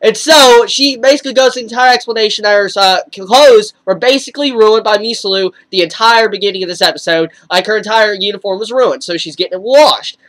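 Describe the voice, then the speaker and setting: Excitable, gushing anime reviewer. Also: a little fast, hardly any pauses, poor audio. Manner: excitable and gushing, with sudden jumps in pitch; rambling, with frequent fillers and restarts. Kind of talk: casual spoken episode review.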